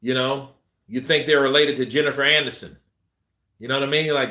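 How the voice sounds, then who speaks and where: A man's voice: medium pitch, a little fast, sharp tone. A man hosting a boxing live stream, reading viewer comments in a loose, joking way and laughing often. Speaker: boxing channel host. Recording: roomy echo.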